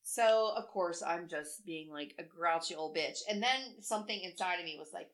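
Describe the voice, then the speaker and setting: A woman's voice: on the low side, moderate pace, few pauses. A woman in her forties telling stories in casual podcast chat, blunt and profane, acting out what people said. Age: 40s. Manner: blunt, profane storytelling with acted-out quotes. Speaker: podcast co-host.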